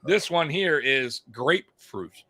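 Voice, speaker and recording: A man's voice: fairly high pitch, lively intonation, slow, pushed and bright, no echo. A man co-hosting a podcast, giving casual live fight commentary in a chatty, rambling way, often repeating himself and laughing. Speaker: podcast co-host.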